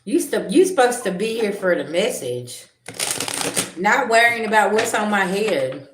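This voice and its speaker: A woman giving a livestream tarot reading, blunt and confrontational, with slangy talk and sharp comebacks to her viewers. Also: medium pitch, expressive, moderate pace. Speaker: tarot reader. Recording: echoey room with loud background noise.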